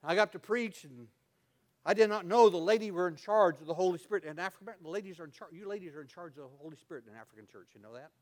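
A man preaching a sermon as pastor, telling stories and swinging from loud to quiet. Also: high voice, lively intonation, fast talker.

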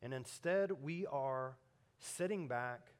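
A man preaching a sermon, animated in his stories and turning hushed and earnest when he appeals to his listeners. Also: mid-range voice, slow, clear, resonant tone. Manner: animated storytelling, swings between loud emphatic peaks and hushed earnest appeals. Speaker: pastor.

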